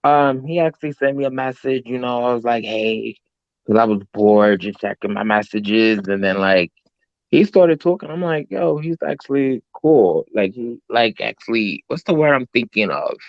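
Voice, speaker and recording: A man's voice: mid-range voice, normal speed, no room sound. Rambling New York man. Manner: rambling, lots of "like". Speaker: guest. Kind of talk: casual chat. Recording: dull, dry sound.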